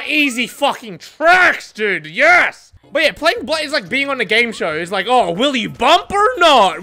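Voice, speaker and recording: A woman giving excitable gameplay commentary, swearing, laughing often and mocking herself. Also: high voice. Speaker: gaming content creator.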